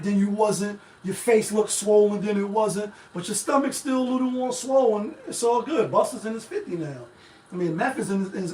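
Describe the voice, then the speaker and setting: A man with a high-pitched voice holds forth on his live stream in loose, rambling commentary. He swears freely and talks straight to his viewers. His voice bounces around an echoey room from a mic set some way off. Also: far from the mic, slight background noise. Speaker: live-stream show host. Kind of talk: casual commentary.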